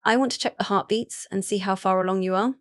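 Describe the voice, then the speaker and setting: A woman voicing a calm, friendly female doctor who speaks politely and matter-of-factly in an audiobook. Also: mid-range voice, fast, no room sound, natural voice. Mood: businesslike.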